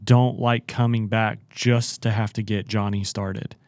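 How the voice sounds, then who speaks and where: A man co-hosting a podcast, calmly coaching listeners on sales talk in a casual chat. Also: on the low side, measured pace, no room sound. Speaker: podcast co-host.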